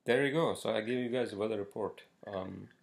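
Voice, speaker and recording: Podcast host, male, low gravelly voice, blunt and profane, rambling delivery. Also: brisk, noisy background. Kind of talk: casual solo podcast rant.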